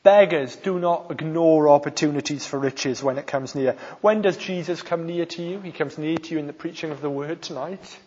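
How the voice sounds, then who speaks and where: A man's voice: on the high side, moderate pace, few pauses, a little mellow, husky. A man from South Wales with a Welsh accent, preaching a sermon with emphatic stresses on key phrases. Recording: long hall reverb, dull sound.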